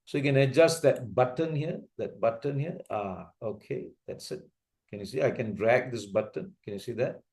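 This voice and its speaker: A man's voice: medium pitch, normal speed, a little mellow. A man with an Asian English accent teaching a video-editing class step by step, patiently repeating his steps and often checking whether his learners can follow. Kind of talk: slow step-by-step software tutorial.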